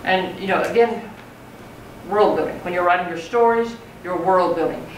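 A poetry teacher lectures in a conversational way, frequently checking in with students, speaking at a moderate pace in a mid-range voice. The mic is far away in a roomy classroom, with faint noise audible.

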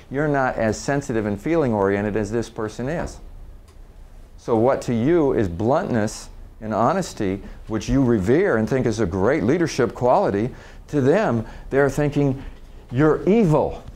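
A middle-pitched man talks through working with difficult people in an easy, informal way. He trips over his words and repeats himself as he thinks aloud. He keeps slipping into quick acted-out exchanges between two people to make his point. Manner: animated, acts out little quoted exchanges; repeats and restarts words often. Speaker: communication trainer.

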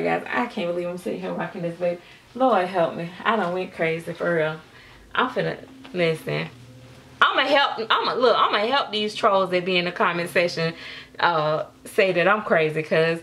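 A woman's voice: fairly low pitch, fairly bright tone. A woman, chatting casually in a vlog as a doll artist, gushing and exclaiming to her viewers. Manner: gushing, exclaims often, speaks to viewers as "y'all" and "baby".

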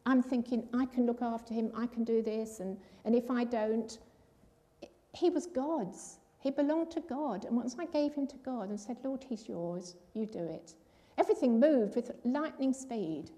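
High-voiced older woman telling a testimony. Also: moderate pace, dark tone. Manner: earnest storytelling, acts out quoted voices. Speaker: church speaker giving a testimony. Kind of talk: personal testimony.

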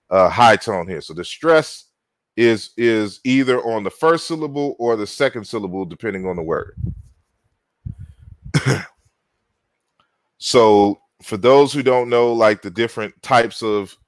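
Male lecturer talking through slides, slow and unhurried, stopping and restarting often; dry, close sound. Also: lowish voice, no echo. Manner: halting, many fillers and repeated words.

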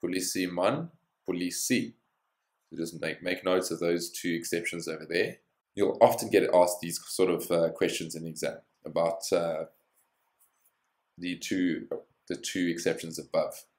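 Deep-voiced man teaching in an echoey room. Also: steady tone, measured pace. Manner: explains step by step with encouraging asides. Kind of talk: language lesson.

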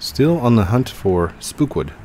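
A man giving casual gameplay commentary as a channel host, excitable and laughing often, yelping when things go wrong. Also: mid-range voice, measured pace, slight background noise.

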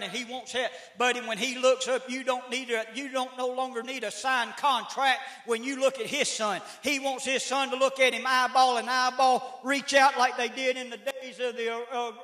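Man, preacher, high voice, live sermon, echoey church room. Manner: folksy, rising to shouted emphasis, calls out to the congregation. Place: church sanctuary.

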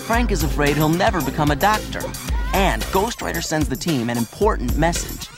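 Woman narrator with a low voice for a children's drama recap, storytelling delivery addressed to the viewer, over a music bed. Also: animated, normal speed.

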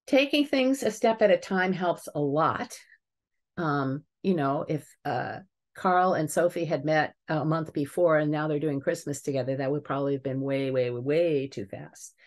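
An older woman, a family psychologist, giving a webinar lecture and telling lively case stories. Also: low voice, normal speed. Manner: lively storytelling, chuckles at examples.

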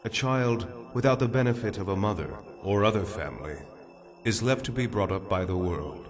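A man's voice: lowish voice, over music, lightly acted. A man playing a solemn religious counselor. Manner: solemn, measured preaching. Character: calm male religious counselor.

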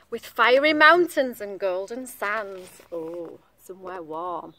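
A woman's voice: medium pitch, takes it slowly, hardly any pauses, bright, forceful tone, a little hiss or hum. A woman reading a picture book aloud to young children in a sing-song voice, stopping to ask them questions.

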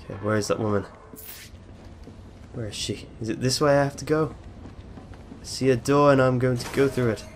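A man hosting a let's play, giving excitable, chatty gameplay commentary and laughing often. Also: mid-range voice, a little fast, pauses often, slight background noise.

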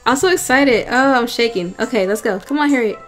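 A woman's voice: a little high, a little fast, fairly bright tone, soft background music. A young woman giving chatty, giggly commentary while playing a game, talking to viewers as y'all. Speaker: let's play gamer.

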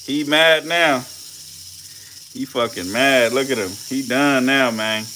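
A young man, cursing and laughing through loud live-stream commentary. His voice is bright and forceful, with a faint background hiss. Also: mid-range voice, slow. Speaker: channel host feeding snakes.

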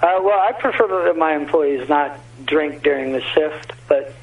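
A man's voice: on the high side, measured pace. A man managing a restaurant on a phone call, polite and stammering, calling the caller sir again and again. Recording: distant phone line.

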